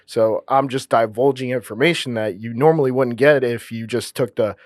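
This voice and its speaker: A man co-hosting a podcast, chatting and agreeing with lively interjections. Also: medium pitch, normal speed, dry recording, clean studio sound. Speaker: podcast co-host. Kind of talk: casual podcast chat.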